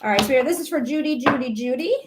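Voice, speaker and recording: A woman's voice: high voice, animated, fast talker, heavy background noise. A woman giving tarot readings on a live stream, chatting to her viewers and pets between cards. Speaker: psychic tarot reader.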